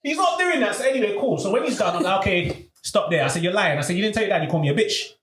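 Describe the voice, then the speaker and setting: A man tells a story on a podcast at a rapid clip. His voice sits high and he acts out each person in the tale with lots of slang. The room gives his voice a noticeable echo. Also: lively intonation, fairly bright tone. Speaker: podcast host. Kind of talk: casual storytelling chat.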